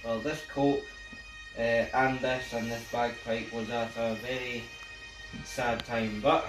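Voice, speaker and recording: A Scottish man in casual behind-the-scenes chat, rambling and joking, his pitch in the middle range. The mic sits at a distance in an echoing space. Music plays clearly behind him. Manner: jokey, rambling. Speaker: actor in a skit.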